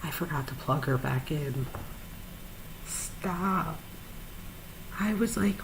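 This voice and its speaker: A woman telling a personal story in a chatty, animated way, with frequent fillers and sudden high-pitched asides. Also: takes it slowly, vocal fry, noisy background. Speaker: podcast host, psychologist.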